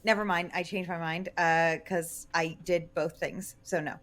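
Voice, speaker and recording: A woman's voice: on the low side, flat delivery, measured pace, a bit bright. A woman player in a tabletop game who talks hesitantly and uses a lot of fillers.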